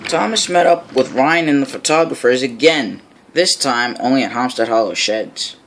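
A man's voice: mid-range voice, expressive, normal speed, background noise. A man narrating a homemade storybook tale about trains, now and then laughing between lines.

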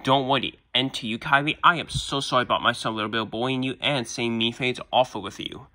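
A man's voice: medium pitch, steady tone, fast talker, pushed and bright, slight background noise, lightly acted. A man voicing a stern cartoon father who scolds and lectures his son. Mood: scolding.

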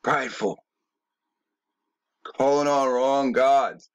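A man talks slowly and insistently in a rambling monologue, pressing his points with rhetorical questions and curse words. His voice sits at a middle pitch, and the recording is close and dry, with no room sound. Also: clean tone, no echo. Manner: emphatic, profane, full of rhetorical questions. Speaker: video commentator.

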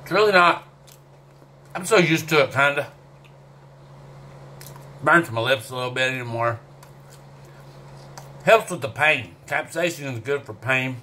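Sweating with a burning mouth, a man eating hot sauce chats to the camera for his vlog, drawling and swearing and groaning between bites. He speaks unhurriedly at medium pitch, pausing often, in a bright, forceful tone, over slight background noise.

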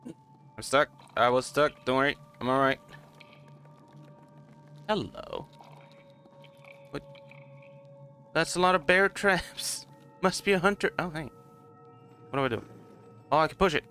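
A man's voice: on the high side, lively intonation, unhurried, long pauses, bright, forceful tone, soft background music. A man casually commenting on a game as he plays, rambling and chuckling at himself. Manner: rambling, self-mocking, laughs often. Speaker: gaming channel host. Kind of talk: casual let's play commentary.

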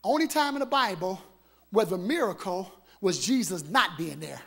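A man pastor preaching an Easter sermon live in a church on a handheld mic, exuberant and shouting, laughing and trading call-and-response with the congregation. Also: extremely high pitch, big pitch swings, moderate pace, creaky. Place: church sanctuary. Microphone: handheld microphone.

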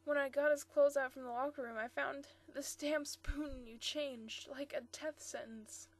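A woman's voice: high voice, fairly even intonation, a little slow, no room sound. A woman reading the part of an angry young man in a storybook, speaking harshly and accusingly. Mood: furious. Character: angry young blond man, grieving fiancé.

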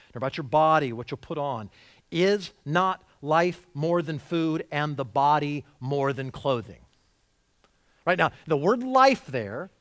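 A man preaching a sermon as a church pastor, animated, with frequent restarts and acted-out quotes. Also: a little high. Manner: animated, voices quotes with rising emphasis and repeated restarts. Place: church sanctuary.

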